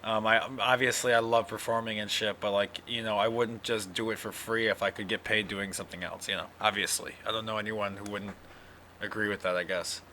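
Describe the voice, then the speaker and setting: A man's voice: lowish voice, flat delivery, fairly quick, sharp tone, slight background noise. A man hosting his own podcast, talking casually and sleepily in a rambling, profane monologue. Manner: rambling, yawning, profane, full of fillers. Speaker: podcast host.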